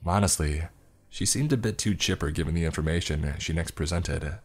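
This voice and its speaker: A man reading a first-person horror story in a measured storytelling way. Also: low voice, darkish tone, faint music behind.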